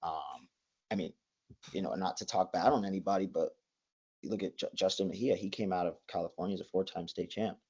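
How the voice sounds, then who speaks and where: A man's voice: deep voice, brisk, dark tone, breathy edge. A young man in his twenties, a college wrestler, chatting as a guest in a rambling way, full of likes and restarts. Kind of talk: casual interview. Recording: dull lo-fi sound.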